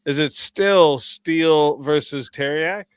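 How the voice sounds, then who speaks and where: Hoarse man hosting a voice-chat debate. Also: a little high, slow pace, no room sound. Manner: laughing, relaxed moderator. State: hoarse, losing his voice. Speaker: debate host.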